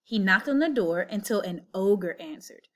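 A woman reading a children's picture book aloud, with an expressive story-telling lilt. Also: medium pitch, normal speed. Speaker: storybook reader.

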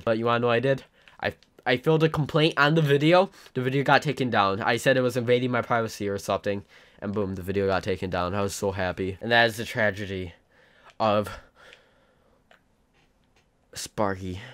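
A man's voice: lowish voice, a bit bright, clear, resonant tone. A teenage boy telling a rambling, self-mocking story in a casual vlog. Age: teens. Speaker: YouTuber.

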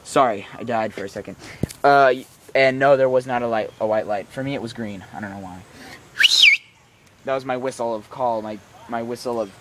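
Vlogger: young man, tired and rambling, self-mocking, faint outdoor hiss behind. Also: mid-range voice. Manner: rambling, self-mocking, talks in quick tangents. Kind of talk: rambling casual vlog. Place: outdoors, walking a dog in rainy weather.

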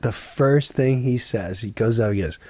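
A man's voice: mid-range voice, normal speed, darkish tone, no echo. A man, a comedian, telling a long story on a podcast, acting out other people's lines and swearing freely.

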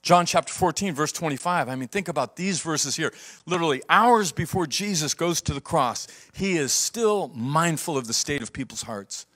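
A man pastor preaching a sermon, swinging from loud emphasis to hushed, quiet delivery. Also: a little high, animated, normal speed.

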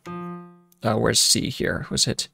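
A man's voice: mid-range voice, normal speed. A man giving a casual music lesson, thinking aloud with fillers and restarts and sometimes humming rhythms. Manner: hums and counts rhythms aloud. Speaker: music teacher. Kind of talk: casual lecture with keyboard demos. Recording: piano playing in the background.

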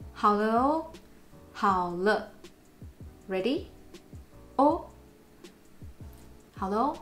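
A Taiwanese-accented woman, a native Mandarin speaker, giving a language lesson and repeating sample phrases with playful, exaggerated intonation. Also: medium pitch. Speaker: language teacher. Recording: roomy echo.

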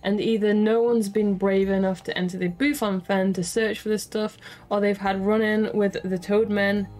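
A woman's voice: medium pitch, little pitch movement, normal speed, darkish tone, close to an everyday voice. A woman voicing a toothless old crone as she reads the crone's lines aloud from a gamebook, with faint music behind. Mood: pleased.

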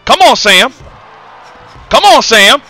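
A man's voice: extremely high pitch, big pitch swings, takes it slowly, pushed and bright, faint music behind, heavily acted. A man voicing a cocky heavyweight boxer, commentating a game in character with taunting, rhyming trash talk. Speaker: gaming commentator.

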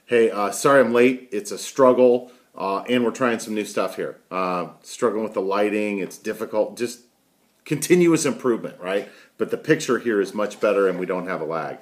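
A man's voice: on the low side, moderate pace. A middle-aged man hosting a casual daily video show from home on a headset mic, rambling and chatty with frequent "right?" asides. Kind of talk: casual daily talk to camera.

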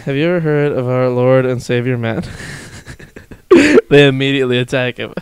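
A man's voice: mid-range voice, sing-song, moderate pace, smooth, no room sound. A man hosting a podcast, chatting casually, joking, swearing a lot and laughing often. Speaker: podcast host and streamer. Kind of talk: casual chat.

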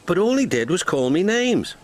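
A man's voice: sits high, very animated, normal speed, voice pushed up. A man voicing a humble, hard-working little male diesel engine who talks in an earnest, modest way. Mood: hurt.

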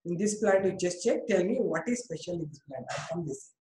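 A woman's voice: lowish voice, lively intonation, brisk, mellow, roomy sound, low-quality recording. A woman with an Indian English accent teaching a biology class, coaxing students and praising them by name.

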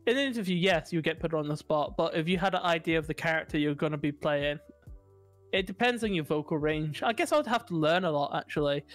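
A man co-hosting a podcast in casual chat, animated and quick to swear and joke at himself. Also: on the high side, soft background music. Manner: animated, swearing, self-mocking. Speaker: podcast co-host. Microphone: studio mic.

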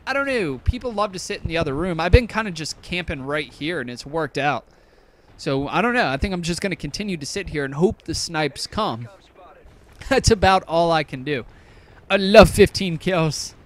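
Casual swearing young gameplay commentator. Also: male voice, fairly high pitch. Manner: rambling, swears often, self-deprecating. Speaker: gaming YouTuber.

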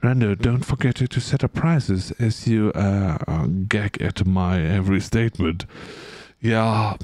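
A man's voice: fairly low pitch, unhurried, a little mellow, no room sound. A man streaming a game, chatting casually and playfully with his viewers in a rambling way. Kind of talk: casual live-stream chat.

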